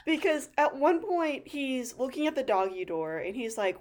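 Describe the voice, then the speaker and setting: A woman co-hosting a relaxed podcast. She talks through her points bluntly and analytically. Profanity comes easily in her speech. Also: a little high, normal speed, few pauses. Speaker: podcast co-host. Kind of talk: casual chat.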